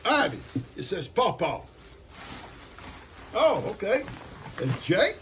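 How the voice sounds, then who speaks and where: A man's voice: high-pitched, wildly swooping pitch, takes it slowly, fairly bright tone. An older man, chatting casually and folksily to camera while opening gifts and talking to his pets. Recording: noisy home recording.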